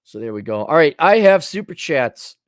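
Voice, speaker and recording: A man's voice: fairly high pitch, big pitch swings, normal speed, dry recording, clean studio sound. A middle-aged man hosting a livestream, reading super chats in a blunt, sarcastic, mocking way. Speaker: host.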